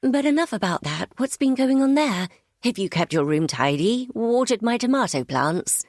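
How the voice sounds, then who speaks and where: Woman reading a tearful mother forcing brightness, lifted and quick, dry studio sound. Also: on the high side, big pitch swings, dry recording, pitched above the performer's own voice. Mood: forced cheer. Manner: forced brightness over held-back tears. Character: detained mother, forcing breezy cheer.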